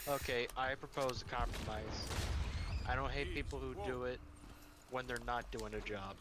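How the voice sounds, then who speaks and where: A man chats casually while streaming a game, swearing freely and restarting his sentences as he goes. His pitch sits in the middle range. Game sounds are clearly heard behind him. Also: fairly even intonation, normal speed, background noise. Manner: profane, rambling with restarts. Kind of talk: casual gaming stream chat.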